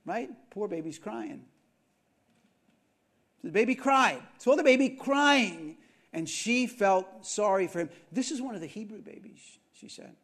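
A male preacher telling a story from the pulpit, his high voice swinging widely in pitch. He throws in asides and questions to his listeners, dropping to a murmur and then rising again. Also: animated, unhurried, fairly bright tone. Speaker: pastor. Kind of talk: sermon.

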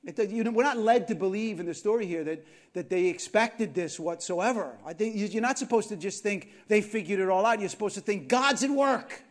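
A male preacher telling a story from the pulpit, his high voice swinging widely in pitch. He throws in asides and questions to his listeners, dropping to a murmur and then rising again. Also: lively intonation, a little fast, few pauses. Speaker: pastor. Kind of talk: sermon.

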